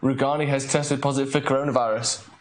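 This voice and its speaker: A man's voice: mid-range voice, fast talker. A man hosting a casual late-night live stream, chatting and reading out viewer comments. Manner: chatty, reads viewer comments, gets loudly excited over a match.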